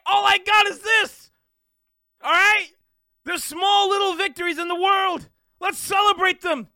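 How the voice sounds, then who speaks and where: A man hosting a live stream, ranting loudly and profanely in an unscripted, fired-up monologue. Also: very high voice, dry recording, studio quality. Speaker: streamer and podcast host.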